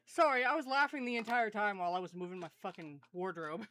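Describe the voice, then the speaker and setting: A woman's voice: medium pitch, steady tone, quick pace, fairly bright tone. A woman co-hosting a podcast, talking in a loose, joking, off-hand way. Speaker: podcast co-host. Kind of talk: casual chat.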